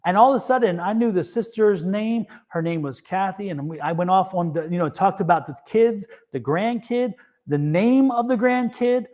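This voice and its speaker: On his live-streamed tarot show, the host spins loose, rambling stories, restarting often, using lots of fillers, and laughing readily. He has a high-pitched, darkish voice and speaks at a moderate pace.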